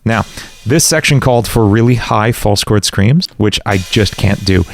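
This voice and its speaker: A man hosting a music production tutorial, explaining his remake step by step in a relaxed, self-deprecating way with frequent fillers. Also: fairly low pitch, moderate pace. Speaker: music producer and channel host.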